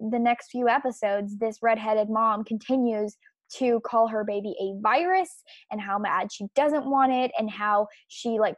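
A woman's voice: fairly high pitch, no room sound. A woman hosting a podcast, giving opinionated commentary in an indignant, emphatic and scornful way. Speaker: podcast host.

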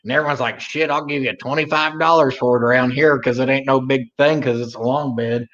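A man's voice: medium pitch, steady tone, a little fast, a bit bright, dull audio. A man from Oklahoma co-hosting a livestream, chatting casually in a rambling, drawling way. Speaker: livestream co-host. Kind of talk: casual chat.

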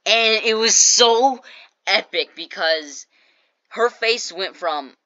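A woman's voice: on the low side, slow pace, sharp tone, clean tone, no echo, dull audio. A woman casually telling a storytime vlog, chatty and jokey, acting out what people said. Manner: chatty, jokey asides, acts out quoted lines. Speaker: storytime vlogger.

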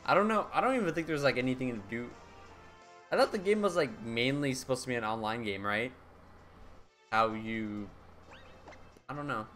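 A man's voice: medium pitch, lively intonation, moderate pace, long pauses, fairly bright tone, soft background music. A man from the United States chatting casually on a live game stream, answering his viewers' messages in an easygoing way. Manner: chatty, answers viewer chat with easy laughs.

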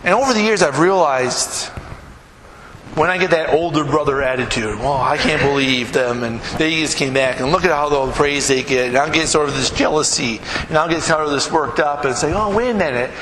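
A man preaching a live sermon as pastor, telling stories emphatically and dropping to hushed, earnest tones. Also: on the high side, a little fast. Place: church sanctuary. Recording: echoey church hall, noisy live recording.

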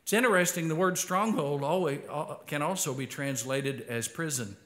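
A man with an Arkansas twang preaches a sermon in a plain, chatty way. His voice sits somewhat high for a man, and it climbs louder and higher when he drives a point home. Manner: conversational, repeats words when starting phrases; rises in pitch and volume for emphasis. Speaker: pastor.

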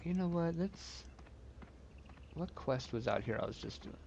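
A man's voice: fairly high pitch, animated, measured pace, creaky, darkish tone, highs cut off, slight background noise. A man streaming a game, rambling to himself in casual commentary and swearing freely.

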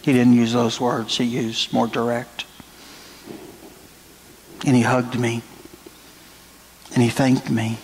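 A middle-aged male pastor delivers a sermon at a slow, unhurried pace, leaning on long, drawn-out phrases. His voice sits at an ordinary middle pitch, and faint room noise runs beneath it. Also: level tone, poor audio. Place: church sanctuary.

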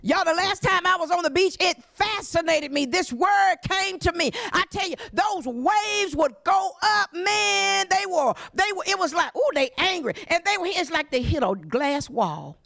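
Fervent high-voiced woman pastor preaching. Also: lively intonation, normal speed, vocal fry, few pauses, dry recording, clean studio sound. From Southern United States. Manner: fervent, punctuated by shouted hallelujahs and cries. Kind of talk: impassioned sermon.

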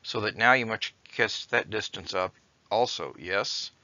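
Man reading wise tortoise in a fable, calm, logical, bright-toned, dull lo-fi sound. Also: on the low side, a little slow, no room sound. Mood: calmly reasoning. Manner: calm, reasoning step by step. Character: clever patient male tortoise from a fable.

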